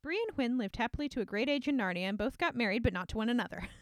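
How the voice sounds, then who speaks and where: A woman's voice: fairly high pitch, expressive, very fast, no room sound, studio quality. A woman chatting casually about a book with a friend, laughing often and reading passages aloud.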